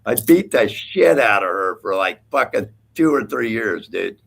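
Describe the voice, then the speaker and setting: A man's voice: lowish voice, lively intonation, a little slow, creaky, fairly bright tone, husky. A man hosting a livestream panel, taunting and cursing at a rival in heated trash talk. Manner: profane, taunting, mocking. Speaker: livestream host.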